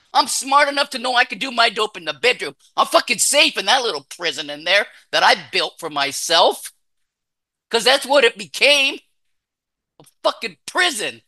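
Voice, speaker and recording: A man giving a raw, blunt, heavily profane recovery testimony that swings between intense outbursts and hushed confession. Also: high voice. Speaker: recovering addict sharing his story.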